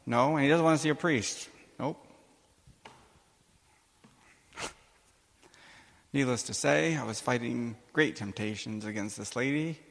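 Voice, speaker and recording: A male priest giving a sermon, telling a personal story with animated, emphatic delivery and acting out the dialogue. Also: mid-range voice, measured pace, gravelly, long pauses. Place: church or conference hall. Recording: long hall reverb.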